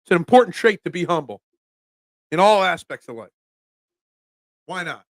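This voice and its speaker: A man hosting a casual sports talk show, ranting in an animated, self-deprecating way. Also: high-pitched, moderate pace, dry recording.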